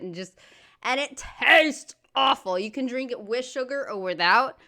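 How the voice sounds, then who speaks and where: A woman's voice: mid-range voice, a bit bright, smooth. An American woman hosting a reaction video, chatting casually and bluntly, ranting with lots of "freaking". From United States. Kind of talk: casual chat.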